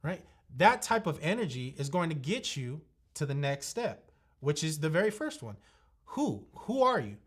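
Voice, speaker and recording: A man's voice: on the high side, big pitch swings, moderate pace. A man in his thirties co-teaching a sales lesson, emphatic and laying out points step by step. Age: 30s. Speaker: sales trainer. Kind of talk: coaching talk.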